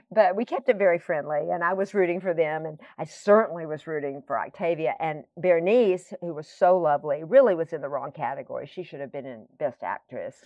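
A woman's voice: fairly low pitch, dry recording, highs cut off. A woman guest telling long, rambling stories in casual conversation, full of fillers and tangents. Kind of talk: conversational storytelling.

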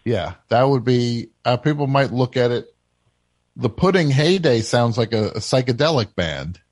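Brief: male call-in host, mid pitch, deadpan, halting, dry close sound. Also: no echo. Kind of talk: casual call-in radio chat.

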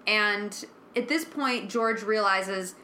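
A woman's voice: medium pitch, slow, sharp tone, reverberant, slight background noise. A woman podcast co-host in casual chat, recapping a TV episode, swearing freely and acting out characters' lines.

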